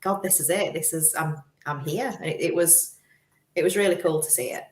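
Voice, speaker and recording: A woman guest on a chat show talking about ghost hunting, lively and quick to laugh. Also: deep voice, reverberant. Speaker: paranormal investigator guest. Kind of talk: casual chat.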